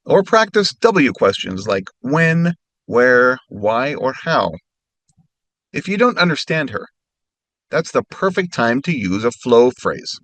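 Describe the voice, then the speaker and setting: A man teaching a recorded language lesson, giving clear instructions and slowing right down when he models practice phrases. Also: mid-range voice, a bit bright, no room sound.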